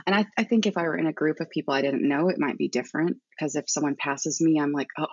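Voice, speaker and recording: A woman's voice: deep voice, fast talker, darkish tone, slightly rough, dry recording. A young adult woman from Arkansas, talking candidly as a guest in a casual podcast interview and laughing often. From Arkansas, USA. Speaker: guest hiker. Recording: dull dry remote audio.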